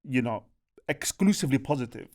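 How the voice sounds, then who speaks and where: A young man, co-hosting a podcast and telling a story in an animated, chatty way, often checking in with his listeners. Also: mid-range voice, a little fast. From Birmingham, England. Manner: animated, chatty, peppers speech with "bro" and "do you know what I mean". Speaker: podcast co-host.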